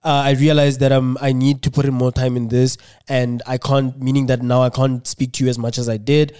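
A man from South Africa co-hosting a podcast, asking gentle and caring questions in a casual chat. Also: medium pitch, little pitch movement, a little fast, clean tone. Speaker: podcast co-host.

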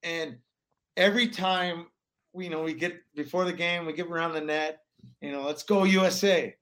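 A man in his forties, a former pro hockey player from Alaska, telling stories in a rambling, animated way with many restarts. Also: fairly high pitch, normal speed. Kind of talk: casual storytelling interview.

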